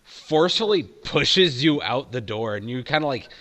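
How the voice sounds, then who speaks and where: A man's voice: mid-range voice, expressive, moderate pace, a bit bright. A man running a tabletop game who narrates loosely, with many fillers and a lot of laughing. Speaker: game master.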